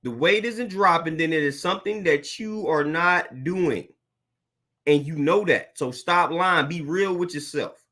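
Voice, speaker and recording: Young guy going off on a blunt preachy rant, pretty high voice, bright sharp tone. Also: unhurried. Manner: blunt, preachy, repeats himself, slangy. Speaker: fitness trainer. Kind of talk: blunt motivational rant to camera.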